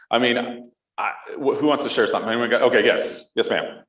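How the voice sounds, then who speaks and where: A man's voice: mid-range voice, brisk, fairly bright tone, echoey room, rough recording. Playful man hosting a live podcast. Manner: playful, jokey, engages the crowd. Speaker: podcast co-host. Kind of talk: live podcast chat with audience. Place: conference room with live audience.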